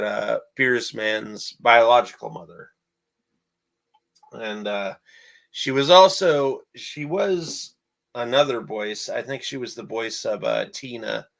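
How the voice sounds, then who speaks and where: A man's voice: lowish voice, vocal fry, a bit bright, rough recording. A young man talking casually in a vlog about his writing and animation work, rambling and repeating himself with many fillers. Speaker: amateur animator and writer.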